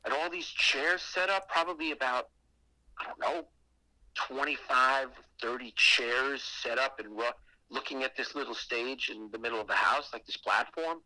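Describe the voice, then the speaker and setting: A man telling a creepy personal story on a podcast in a casual, animated way, swearing often. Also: mid-range voice, moderate pace, dry recording, rough recording. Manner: animated and heavily profane, with acted asides. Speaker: guest telling a ghost story.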